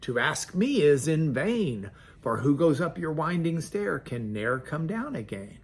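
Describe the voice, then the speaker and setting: A man's voice: on the high side, sing-song, unhurried, slightly rough, exaggerated voice. A man voicing a small, wary fly in a storybook poem, refusing in alarm.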